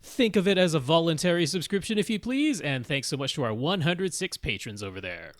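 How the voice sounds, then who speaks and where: A man's voice: a little high, sing-song, a little fast, no room sound, studio quality. A man co-hosting a podcast, easygoing and joking, often chiming in to agree. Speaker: podcast co-host. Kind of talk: casual podcast chat.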